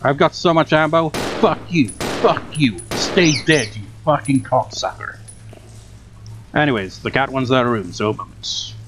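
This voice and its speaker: A man's voice: medium pitch, unhurried, fairly bright tone, slight background noise. A young man giving exasperated, sarcastic commentary on a game he is playing at home, swearing often. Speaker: let's play gamer. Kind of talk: gameplay commentary. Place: home room with a cat. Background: game music.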